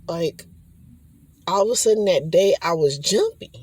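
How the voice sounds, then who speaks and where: In a dry recording, a woman with a husky, slightly mellow voice on the low side speaks at normal speed with lively intonation. Addressing the camera directly, she wanders through a profane spiritual monologue, often performing quotes.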